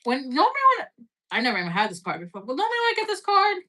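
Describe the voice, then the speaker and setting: A tarot reader gives a casual live-stream reading in a high-pitched, slightly bright voice that talks very fast with huge pitch swings. She's chatty and loose, peppering her speech with "like," "right?" and the odd swear word.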